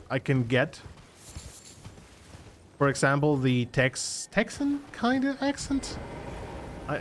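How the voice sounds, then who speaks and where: Unhurried Spanish-accented man streaming. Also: medium pitch, slight background noise. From Canary Islands, Spain. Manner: chatty, restarts words often, reads chat aloud. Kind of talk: casual live gameplay chat.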